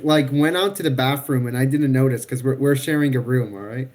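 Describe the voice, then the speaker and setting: A man's voice: mid-range voice, a little fast, darkish tone. A man cohosting a gaming podcast in casual chat, self-deprecating and laughing as he talks. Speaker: let's-play podcast cohost.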